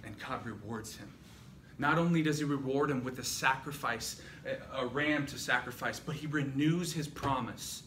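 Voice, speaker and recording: A man's voice: mid-range voice, moderate pace, pushed and bright. A man preaching a sermon in a church hall, retelling a story with dramatic rising and falling intensity. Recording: echoey room, distant mic, noisy.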